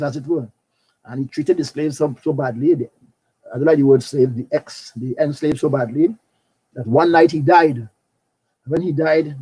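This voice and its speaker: A man's voice: a little high, dark tone, breathy edge, low-quality recording. An older man with a Trinidadian accent lecturing on carnival history, telling it with animation, breaking into snatches of calypso song and often repeating words. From Trinidad and Tobago.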